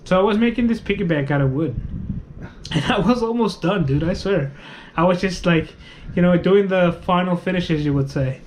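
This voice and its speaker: Man, podcast co-host, high voice, casual rambling, swears a lot, faint background noise. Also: moderate pace, darkish tone, rough recording. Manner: rambling profane storytelling with many fillers. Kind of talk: casual chat.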